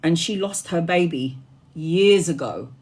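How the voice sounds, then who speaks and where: A woman tarot reader shares a personal spiritual story on a livestream. Her voice sits a little low, and she talks earnestly and from the heart. She takes it very slowly and unhurriedly. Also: a little mellow, breathy edge.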